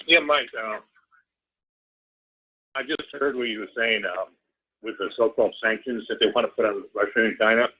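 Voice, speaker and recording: A man's voice: on the low side, normal speed, long pauses, bright, forceful tone, slightly rough. A man from the US calling in to a talk radio show, ranting bluntly and with agitation. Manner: blunt, agitated, repeats "all right?". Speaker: caller. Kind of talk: phone-in rant. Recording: dull phone line.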